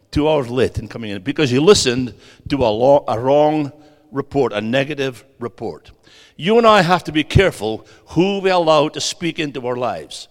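Middle-aged preacher in a reverberant church. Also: male voice, fairly high pitch. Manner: energetic, rising to emphatic bursts and urging the audience to respond. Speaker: guest preacher. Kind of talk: sermon. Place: church sanctuary.

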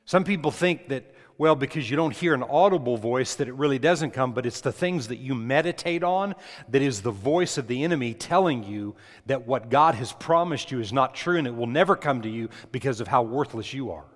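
A man preaching an emphatic sermon, pitched in an ordinary middle range. He puts questions straight to the congregation, and a long reverb trails each phrase. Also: lively intonation, a little fast. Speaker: pastor.

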